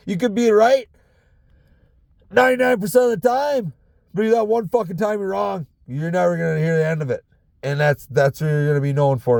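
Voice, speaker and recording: Raspy, profane man ranting with a Southern accent. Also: on the high side, a little mellow, no echo. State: tired, sore voice. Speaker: podcast host. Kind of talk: casual solo rant. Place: inside a parked truck.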